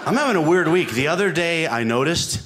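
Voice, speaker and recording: A male stand-up comedian with a slow, deadpan delivery. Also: a little high. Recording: live room with loud crowd.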